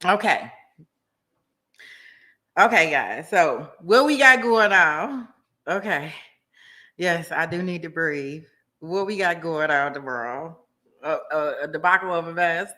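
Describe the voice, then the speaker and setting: A woman hosting a casual livestream, reading viewer comments aloud. She laughs often and chats in a slangy, easygoing way, addressing her viewers as y'all. Her delivery is slow and drawn out, and her voice is bright. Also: lowish voice, lively intonation. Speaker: livestream host.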